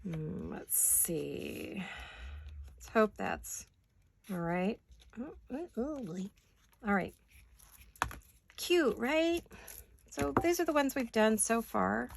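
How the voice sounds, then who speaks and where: Chatty woman crafting with a gravelly voice. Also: on the high side, sing-song, a little hiss or hum. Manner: chatty, thinks aloud while working, quick to laugh. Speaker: paper craft vlogger. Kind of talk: casual crafting chat to camera. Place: home craft studio.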